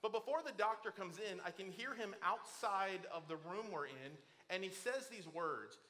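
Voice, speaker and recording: Middle-aged male pastor, high, bright and forceful, animated storyteller who acts out the voices in his stories. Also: normal speed, hardly any pauses. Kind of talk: sermon. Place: church auditorium.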